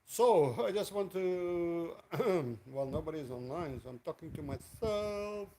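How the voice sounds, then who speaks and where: A chatty man hosts a casual live stream, wandering from one thought to the next and greeting viewers by name. His voice sits a little high for a man. Faint hiss runs under the recording. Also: animated, slow pace, mellow, poor audio. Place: indoors in Cebu, Philippines, in the evening.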